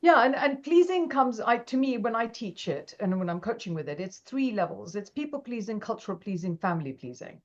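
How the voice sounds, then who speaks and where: A woman, an interview guest, telling her story with animated energy and acting out the lines of people in it. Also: fairly high pitch, fairly quick, hardly any pauses. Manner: animated, acts out quoted dialogue. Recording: dull lo-fi audio.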